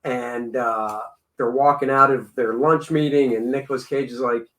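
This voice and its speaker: A man's voice: medium pitch, fairly even intonation, moderate pace, fairly bright tone. A man co-hosting a casual movie review chat, chatty and joking.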